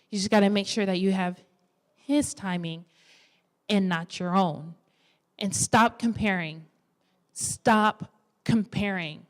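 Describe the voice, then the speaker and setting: A woman in her twenties preaching a sermon in a church, lively and exhorting, with playful asides. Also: high voice. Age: 20s. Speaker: women's ministry speaker.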